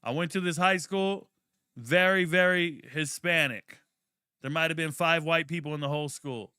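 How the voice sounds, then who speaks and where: A young man hosting a live draft watch party, chatting casually and telling stories in a slangy, profane, animated way with sudden loud outbursts. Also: fairly high pitch, moderate pace, clean tone, no echo, clean studio sound. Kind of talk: casual live commentary and storytelling.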